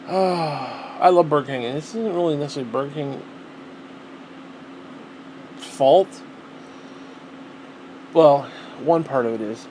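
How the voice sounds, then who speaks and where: A man's voice: on the high side, unhurried, long pauses, noisy background. A man talking casually to the camera at home, rambling and swearing freely. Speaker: vlogger.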